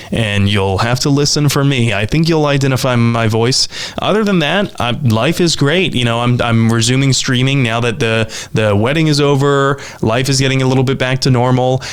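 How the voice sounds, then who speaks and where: Male podcast co-host, smooth resonant voice, friendly, relaxed chat. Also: medium pitch. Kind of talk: casual chat.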